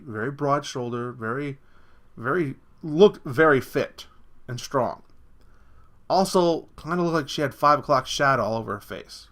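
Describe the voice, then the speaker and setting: A man with a voice pitched a little high for a man, ranting to camera in a blunt, crude way. He rambles and restarts his sentences, stopping often to ask "okay?" as he makes his case. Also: pushed and bright. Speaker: vlogger. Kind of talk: opinion rant.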